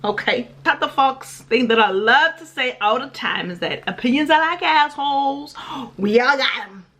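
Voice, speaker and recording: A sassy woman vlogger with a slightly higher voice speaks straight to her viewers. She talks emphatically, hammering her points home with repeated words and short rhetorical questions. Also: normal speed. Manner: sassy and emphatic, lively repetitions. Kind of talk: casual vlog monologue.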